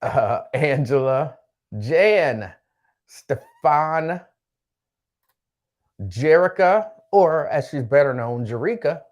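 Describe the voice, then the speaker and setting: A man's voice: medium pitch, lively intonation, takes it slowly. A man hosting a casual live-stream call-in chat, greeting viewers by name and often repeating his phrases. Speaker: host.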